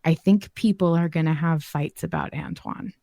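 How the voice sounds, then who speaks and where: A woman's voice: low voice, normal speed, creaky, dark tone, no room sound, clean studio sound. A woman co-hosting a podcast in casual discussion, chatty and thoughtful as she speculates. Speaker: podcast co-host.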